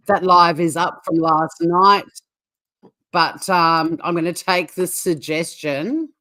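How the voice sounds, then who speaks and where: A middle-aged woman with an Australian accent hosting a casual livestream, blunt and quick to swear, often breaking into laughter as she chats. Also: lowish voice, fairly even intonation, pushed and bright. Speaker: livestream host. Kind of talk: casual livestream chat reacting to a clip.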